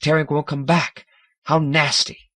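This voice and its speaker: A man voicing an emotional, excitable young female alien with a breathless, exclamatory manner. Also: a little high, measured pace, no room sound, studio quality, voice pushed up.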